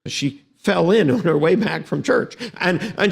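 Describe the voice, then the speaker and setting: A man's voice: high voice, lively intonation, measured pace, gravelly, few pauses. A man lecturing on law for exam prep, with dramatic, wry storytelling.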